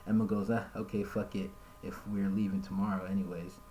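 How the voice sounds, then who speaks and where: A man with a low, dark, mellow voice and a level tone gives casual live-stream commentary at a brisk pace. Speaking conversationally, he reads messages aloud, raising his pitch for the quoted lines. The recording is rough, with a faint hum from his home setup.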